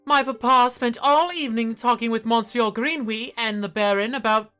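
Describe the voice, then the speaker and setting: A woman voicing a sweet, naive young noble lady in a video game, speaking in an eager, high voice. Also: moderate pace, a bit bright, soft background music, close to an everyday voice. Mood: chatty.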